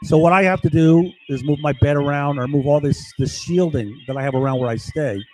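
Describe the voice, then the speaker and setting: A man's voice: fairly high pitch, a little fast, darkish tone, poor audio. A man talking in an agitated, rambling monologue while recording himself at his computer, again and again asking his listener "right?". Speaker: video blogger.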